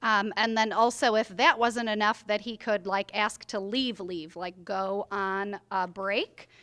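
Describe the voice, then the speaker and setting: A woman's voice: medium pitch, fairly even intonation, unhurried, fairly bright tone. A woman reporting her group's plan at a training workshop, explaining it step by step with many "like" fillers. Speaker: workshop participant. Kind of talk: group share-out.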